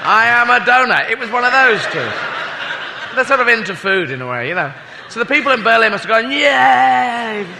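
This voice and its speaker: A man's voice: high voice, very animated, fast. A male stand-up comedian telling a story in a chatty way, full of asides. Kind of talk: stand-up routine. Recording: long hall reverb, background noise.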